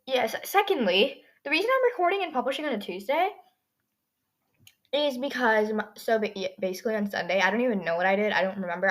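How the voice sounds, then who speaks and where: A teenage girl hosting her own podcast, chatting casually with a dry, scratchy throat and rambling with lots of "like" in every sentence. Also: mid-range voice. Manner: chatty, rambling, heavy use of "like". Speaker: podcast host. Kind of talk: casual solo podcast chat.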